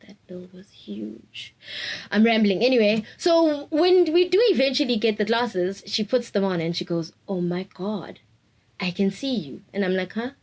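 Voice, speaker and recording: A woman's voice: medium pitch, moderate pace, darkish tone, low-quality recording. A woman, talking openly and reflectively in an interview and laughing often. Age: 20s. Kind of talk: candid personal interview.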